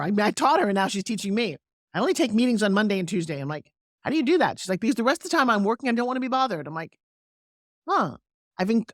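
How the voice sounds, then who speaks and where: A middle-aged woman, a sales coach, talking energetically in an interview and slipping into persuasive pitching, with acted-out quotes. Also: no room sound, clean studio sound. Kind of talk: energetic interview talk with live product pitch.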